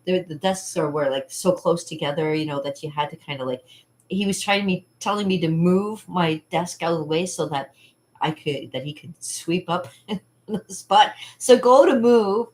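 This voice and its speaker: A woman hosting her own channel chats casually and rambles from one thought to the next. She laughs often and acts out what other people said. Her voice sits a little low. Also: moderate pace, darkish tone. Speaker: channel host. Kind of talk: casual vlog chat.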